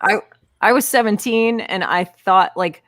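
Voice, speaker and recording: A woman's voice: medium pitch, unhurried, fairly bright tone, no room sound. Woman, frank, casual podcast chat, dry close mic. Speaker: podcast co-host.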